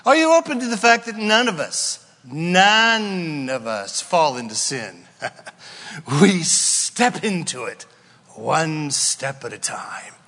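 High lively preacher guy, bright voice, big hall echo, playful, acts out little voices. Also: takes it slowly. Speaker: pastor. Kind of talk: sermon. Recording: long hall reverb.

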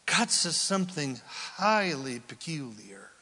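A man preaching a sermon, animated and casual, acting out Bible scenes in everyday voices. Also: fairly high pitch, takes it slowly, slightly rough, big-room sound. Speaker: pastor.

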